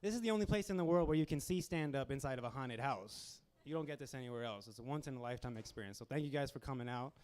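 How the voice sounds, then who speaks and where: A young man on a handheld mic in a small comedy club, riffing through a stand-up set. His voice sits in an ordinary middle register, and his delivery is loose and casual, with deadpan asides and quick acted-out bits of other people. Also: mid-range voice.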